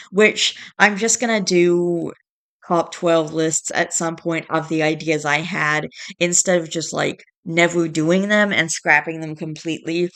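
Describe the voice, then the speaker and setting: Woman vlogger, low voice, smooth, tired and stressed, rambling, trying not to yawn. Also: a bit bright. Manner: rambling, restarting sentences. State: tired, fighting yawns. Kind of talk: casual vlog chat.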